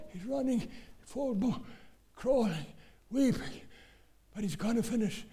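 Male preacher, high mellow voice, dramatic sermon storyteller. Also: moderate pace. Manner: dramatic storytelling, swings from shouting to hushed whisper.

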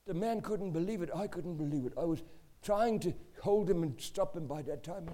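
An older man with a South African accent, telling a family story in a lively, animated way with asides. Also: sits high, moderate pace. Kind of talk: personal anecdote.

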